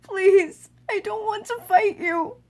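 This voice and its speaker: A woman's voice: a little high, warm tone, husky. A woman voicing a tearful young child who pleads and stammers. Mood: sobbing plea. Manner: halting, stammering, sobbing.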